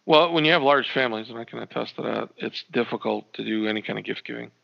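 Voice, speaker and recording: Gravelly man chatting with laughs. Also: mid-range voice, fast. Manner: laughing, animated, acts out quotes. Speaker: podcast co-host. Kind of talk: casual podcast chat. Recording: dull lo-fi sound.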